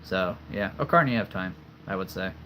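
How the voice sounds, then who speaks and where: A man's voice: sits low, a little fast, pushed and bright, slight background noise. A man chatting casually on a livestream, answering viewers with frequent laughter while losing his voice. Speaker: livestream host.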